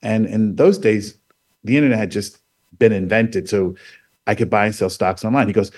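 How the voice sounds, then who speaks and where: A man's voice: on the low side, normal speed. A man telling his own story as a guest on a radio talk show, acting out what other people said. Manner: animated storyteller, acts out quoted voices.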